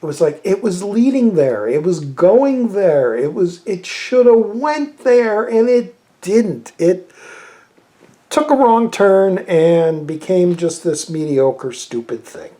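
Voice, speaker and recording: A man's voice: high-pitched, big pitch swings, takes it slowly, warm tone. A man giving a casual, rambling film review, exasperated and swearing freely. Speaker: movie reviewer.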